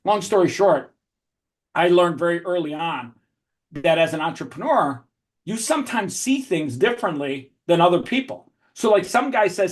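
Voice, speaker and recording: A man with a fairly high-pitched voice tells lively entrepreneurial stories as a podcast guest. He talks with restless energy and often restarts his phrases. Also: normal speed. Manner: energetic, animated storyteller with frequent restarts. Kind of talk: storytelling podcast interview.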